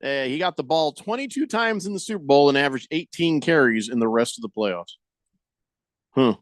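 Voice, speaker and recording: A man's voice: on the high side, lively intonation, normal speed, dry recording, studio quality. A male sports radio host with a wry, joking way of telling stories, reading out listener messages on air.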